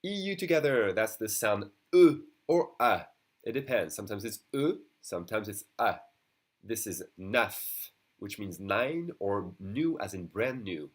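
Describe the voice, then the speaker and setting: A man with a French accent teaching a beginner lesson, saying words slowly and repeating them for learners to copy. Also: lowish voice, animated. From France.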